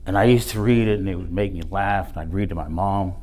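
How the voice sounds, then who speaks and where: A man's voice: sits low, fast talker, hardly any pauses, darkish tone, a little hiss or hum. A middle-aged man from South Texas, telling personal stories in a motivational speech, with punchy emphasis on key words. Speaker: motivational speaker. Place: event hall.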